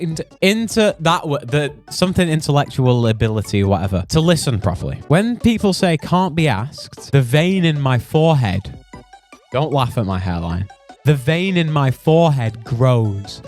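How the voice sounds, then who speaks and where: Young British man, streamer rant, mock outrage, lively swooping pitch, slightly high voice, faint music behind. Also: normal speed. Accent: British English. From United Kingdom. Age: young adult. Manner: exaggerated, mock-outraged ranting with swearing. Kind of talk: comedic ranting commentary.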